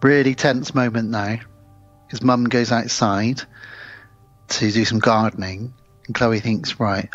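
A man recounts a film plot in casual podcast chat, telling it in a lively way. The recording is dull and dry, with a plain mid-pitched voice. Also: a little slow, long pauses, dry recording, soft background music. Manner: animated storytelling. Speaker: podcast co-host.

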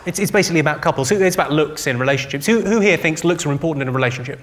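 A man doing a stand-up comedy set on a theatre stage, trading deadpan one-liners and banter with the audience. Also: fairly high pitch, rapid-fire. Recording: live show with loud audience noise.

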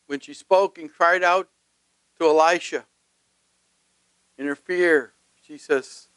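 A man's voice: a little high, fairly even intonation, takes it slowly, fairly bright tone, clean tone, dry recording, poor audio. A male pastor preaching a sermon emphatically, often putting questions to his congregation.

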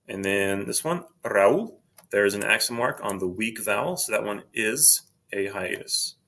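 A man teaching a screen-recorded grammar lesson, explaining steadily and saying each example word twice, slowly. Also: on the low side, bright, forceful tone. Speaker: Spanish teacher.

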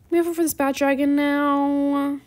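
A woman's voice: high-pitched, level tone, normal speed, darkish tone. A teenage girl chatting casually while playing a game, tired and rambling with lots of "like". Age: teens. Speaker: gaming YouTuber. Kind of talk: casual gameplay chat.

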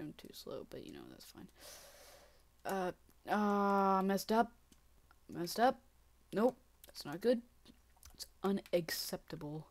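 A woman's voice: mid-range voice, a little mellow. Gaming host, woman, casual play-by-play, mutters under her breath and then snaps into frustrated outbursts. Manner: mutters and whispers to herself, with sudden frustrated outbursts. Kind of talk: casual gameplay commentary.

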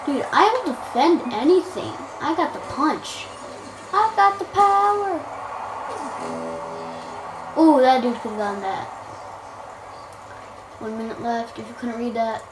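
A woman's voice: on the high side, a little slow, echoey room, over music, poor audio. A young woman commenting on her own gameplay in a playful way, making silly rhymes and snapping at teammates when frustrated. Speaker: gamer. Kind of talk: let's-play commentary.

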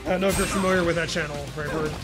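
A young man chatting casually over a video game, telling a rambling, halting story with crude jokes. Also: on the high side, steady tone. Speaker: gaming co-host. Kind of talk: casual chat over gameplay. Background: game music.

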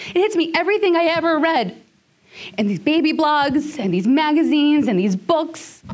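Woman telling her own story on stage, high voice, gets really quiet and emotional at times. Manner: emotional, dropping at times to a near whisper. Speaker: speaker. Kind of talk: personal storytelling talk.

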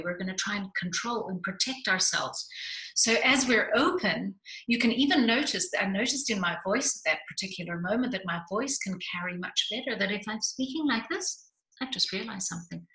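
Woman coach, soothing guided body exercise, bright voice, echoey room. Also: medium pitch. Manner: slow, soothing guided instructions. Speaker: communication coach. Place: online video session.

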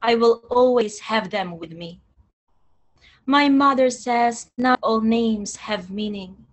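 A young woman reading her poetry aloud in a measured, deliberate way, then talking about her poems. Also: on the high side. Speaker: poet reading her work. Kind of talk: poetry reading with spoken asides.

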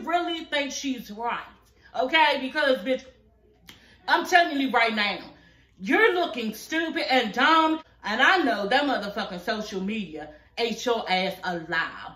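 A woman's voice: sits high, expressive, moderate pace, bright, forceful tone. Sassy, profane woman ranting in an echoey room. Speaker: reality TV reviewer, channel host. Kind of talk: ranting reaction commentary. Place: home at night.

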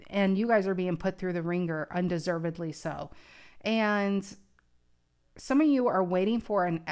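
A woman's voice: lowish voice, a little mellow, clear, resonant tone. Earnest woman reading tarot cards aloud. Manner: earnest, thinking aloud, frequent restarts. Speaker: tarot card reader. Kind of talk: casual tarot reading to camera.

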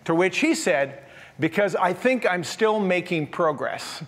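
High-voiced pastor in his sixties. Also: expressive, a little slow, a bit bright. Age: 60s. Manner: humorous storytelling, self-deprecating. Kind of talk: sermon.

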